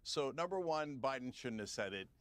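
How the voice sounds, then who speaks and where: A man's voice: medium pitch, lively intonation, normal speed, no echo. A man speaking as a political commentator guest in a heated televised debate, combative and scoffing, talking over the others.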